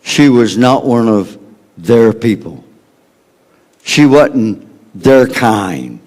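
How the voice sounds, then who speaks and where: Slow, dramatic Southern preacher man. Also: lively intonation. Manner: dramatic, swings from loud emphasis to hushed low tones. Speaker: pastor. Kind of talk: sermon.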